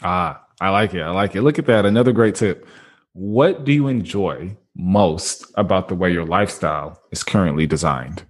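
Male podcast host, low voice, upbeat, asks long questions. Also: moderate pace. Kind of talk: interview questions.

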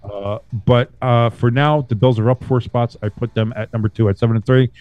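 A man hosting a casual sports podcast, talking loosely and profanely with bursts of animated emphasis. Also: medium pitch, brisk, dry recording, dull audio, soft background music. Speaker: podcast host.

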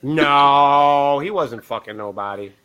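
A man's voice: medium pitch, takes it slowly, pushed and bright, smooth. A man telling a long profane story on a podcast, acting out both sides of the dialogue. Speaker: band member guest. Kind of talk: casual storytelling. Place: live podcast interview.

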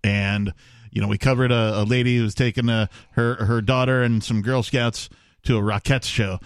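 A man's voice: medium pitch, steady tone, moderate pace, clear, resonant tone, dry recording. A man hosting a casual talk radio show, chatting with fillers and asides. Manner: conversational, drawls with fillers. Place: radio studio.

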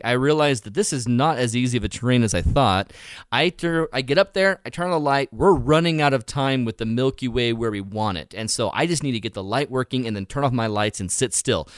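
Workshop leader, man, smooth resonant voice, lively storyteller, dry close sound. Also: medium pitch, fairly quick, dry recording. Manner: vivid storyteller, acts out his own thoughts. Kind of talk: casual podcast chat.

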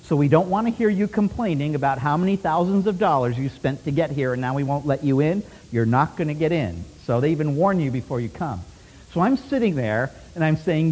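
A man preaching a sermon as a lively story, laughing often and swinging from loud bursts to hushed asides. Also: on the high side, brisk, slightly rough. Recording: long hall reverb.

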